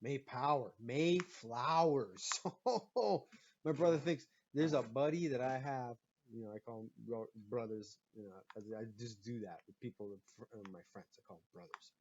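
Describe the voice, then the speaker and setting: A man hosting a podcast and ranting in a profane, animated way about his own stories. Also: medium pitch, moderate pace, a little hiss or hum. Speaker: podcast host. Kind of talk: profane comedic rant. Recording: muffled lo-fi recording.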